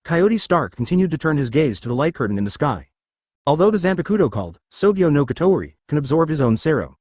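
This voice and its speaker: A man reads a story aloud in steady, scripted narration at a fast clip. His mid-range voice is lively, rising and falling all the way through, and the recording is close and dry with no room echo.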